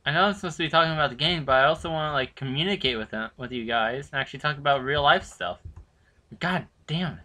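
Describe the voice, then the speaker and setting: A teenage boy hosting a horror game playthrough, chatting to viewers in rambling asides and swearing loudly when startled. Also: on the high side, fast talker. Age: teens. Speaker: gaming channel host. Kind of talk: horror game let's play commentary.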